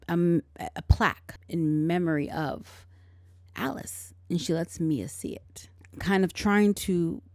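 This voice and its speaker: A woman's voice: lowish voice, gravelly, dark tone, no echo, studio quality. A woman hosting a film recap podcast, retelling the plot casually with sarcastic asides and acted-out quotes. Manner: chatty, sarcastic asides, acts out lines from the film.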